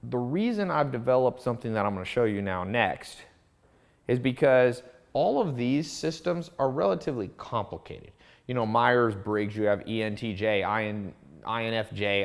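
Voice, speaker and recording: A man teaching a course in a casual monologue, telling stories with lively asides and restarts. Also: lowish voice. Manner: storytelling, animated, with asides and restarts. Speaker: course instructor.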